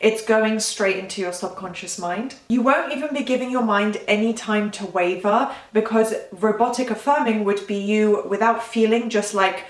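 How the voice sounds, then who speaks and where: Woman, vlogging coach, chatty and self-correcting, mid pitch, roomy distant sound. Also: normal speed, hardly any pauses. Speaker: manifestation coach. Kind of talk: casual talking-head advice.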